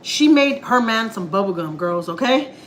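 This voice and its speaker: A woman's voice: a little high, expressive, normal speed, slight background noise, low-quality recording. A woman chatting casually to her live viewers while cooking in her home kitchen. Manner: chatty, slangy, laughing asides. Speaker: family vlogger.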